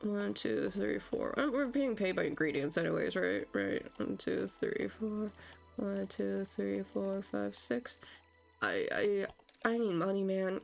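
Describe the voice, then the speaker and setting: A woman's voice: mid-range voice, measured pace, creaky, soft background music. A woman streamer giving chatty, frazzled commentary while playing a game. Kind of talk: casual gameplay commentary.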